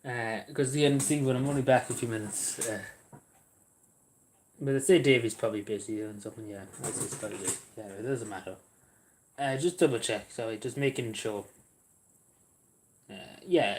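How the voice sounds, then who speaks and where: Male streamer, low-ish voice, hesitant and rambling, casual chat with viewers. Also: normal speed, long pauses, darkish tone, a little hiss or hum. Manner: rambling, hesitant, many fillers and restarts. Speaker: livestream host. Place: at home in a squeaky chair.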